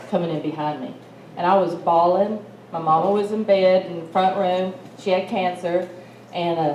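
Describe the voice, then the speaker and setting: A middle-aged woman with an East Texas accent tells a personal story in a chatty, folksy way, her voice low-set and mellow. She is speaking into a roomy hall with a little noise behind her. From Malta, Texas. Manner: chatty, folksy, laughs while telling. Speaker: symposium speaker. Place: conference hall.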